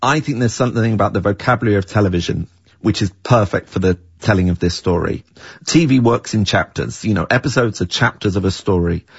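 A man's voice: lowish voice, gravelly, slightly rough, no echo. A middle-aged man, the creator and writer of a series, answers interview questions thoughtfully, often restarting his sentences. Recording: dull, dry, lo-fi sound.

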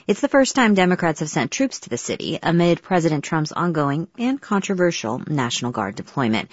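A woman's voice: low-pitched, slightly rough, no room sound, highs cut off. A woman hosting a morning radio news program and introducing reports.

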